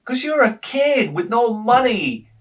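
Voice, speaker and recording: Animated storytelling man, distant from mic. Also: very high-pitched, unhurried, slight background noise. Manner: animated, swears freely, laughs at own stories. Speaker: retro gaming channel host. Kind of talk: rambling anecdotal storytelling.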